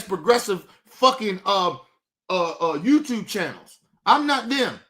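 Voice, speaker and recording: A man on a livestream delivers a combative, profanity-laced rant at his chat. His voice sits high for a man, and he circles back over his own words as he argues. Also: pushed and bright. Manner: combative, profane, repeats himself. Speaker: livestream host.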